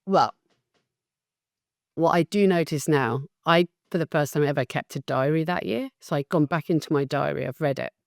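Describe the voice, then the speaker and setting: A woman in her fifties, a guest on a podcast interview, telling her career story in a candid and animated way. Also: low-pitched, normal speed, vocal fry, no echo, clean studio sound. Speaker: guest, facilitation business founder.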